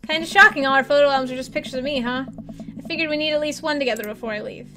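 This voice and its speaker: A woman's voice: high voice, very fast, pushed and bright, slight background noise. A woman voicing a wry teasing young daughter. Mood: playful. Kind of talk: let's play voice acting. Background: game music.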